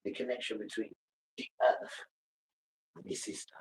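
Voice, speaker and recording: A man's voice: moderate pace, a little mellow, rough recording. A man chatting casually as he cooks and heads outside, rambling and joking as he talks. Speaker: vlogger. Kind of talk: casual chat while cooking.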